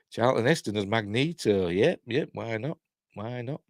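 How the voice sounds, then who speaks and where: This older man from Yorkshire, England runs a live news stream, chatting informally and letting his wry remarks fade off. He speaks in a mid-range voice, and the recording is dry and clean like a studio.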